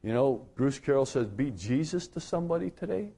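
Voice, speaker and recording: Middle-aged man, pastor preaching on radio, chatty storyteller, voice leaps up high at the excited parts. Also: brisk, creaky. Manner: conversational storytelling with animated pitch jumps. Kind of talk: radio sermon.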